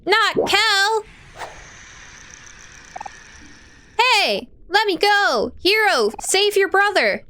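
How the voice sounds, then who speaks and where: A woman voicing a brash, defiant young boy who yells in a high, strained voice while reading a game aloud. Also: expressive, slow pace, a little hiss or hum, exaggerated voice. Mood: frantic.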